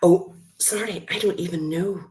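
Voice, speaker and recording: Northern Irish woman, middle-aged, low voice, friendly live-stream chatter. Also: normal speed, a little mellow. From Northern Ireland. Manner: chatty, greets viewers by name, calls them love. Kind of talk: casual live-stream chat with viewers.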